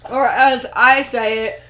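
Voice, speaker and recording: A woman's voice: sits high, sharp tone, low-quality recording. A woman co-hosting a casual live chat, laughing often as she chimes in. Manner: laughs often, slow unhurried delivery. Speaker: homestead channel co-host.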